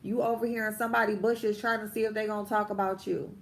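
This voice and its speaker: A woman's voice: mid-range voice, level tone, fast talker, creaky, a little hiss or hum. A woman hosting a casual livestream, ranting bluntly and profanely, stretching out her emphatic lines while she does her makeup. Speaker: vlogger host.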